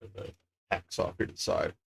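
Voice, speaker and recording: A man livestreaming from his home desk, chatting casually and thinking aloud as he reads out card names one after another. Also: brisk. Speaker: livestreamer opening card packs.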